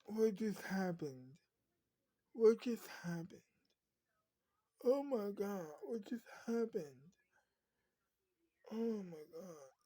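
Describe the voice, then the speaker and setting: A woman voicing a young woman in shock who keeps repeating herself, in a slow, mellow voice. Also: medium pitch, animated, husky, exaggerated voice.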